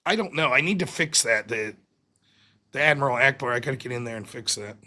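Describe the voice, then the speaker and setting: A man hosting a live call-in stream, talking casually and animatedly, often sounding exasperated and mocking. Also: mid-range voice. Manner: animated, exasperated, quick to mock. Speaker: livestream host.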